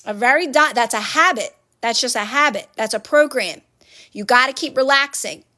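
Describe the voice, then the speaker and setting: A woman's voice: on the high side, normal speed, bright, forceful tone. A woman hosting a phone livestream, giving casual motivational advice to viewers in an earnest, repetitive coaching manner. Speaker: livestream host.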